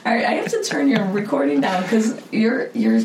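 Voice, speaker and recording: A woman's voice: on the high side, moderate pace, roomy sound, background noise. A woman hosting a podcast interview, playful and teasing, laughing often. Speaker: podcast host. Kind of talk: casual interview chat.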